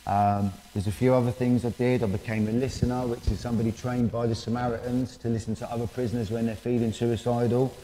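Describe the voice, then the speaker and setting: A man giving a candid personal testimony in church, halting and full of fillers. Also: medium pitch, dark tone, a little hiss or hum. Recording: reverberant church hall.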